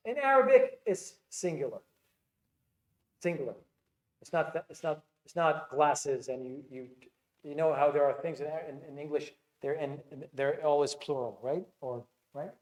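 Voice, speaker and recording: A man teaching an Arabic class, quizzing his students and repeating phrases with frequent restarts, recorded in a classroom. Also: fairly high pitch. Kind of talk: classroom lecture. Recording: echoey classroom.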